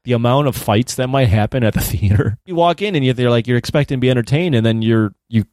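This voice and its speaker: A middle-pitched man co-hosting a casual podcast. He teases the host and laughs often. The recording is dry and close. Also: fast, darkish tone, no echo.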